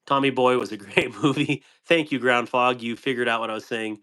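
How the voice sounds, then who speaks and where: A man's voice: mid-range voice, brisk, fairly bright tone, clear, resonant tone. Playful man chatting on a live stream. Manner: playful, laughs often, trips over words. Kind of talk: casual live-stream chat reading comments.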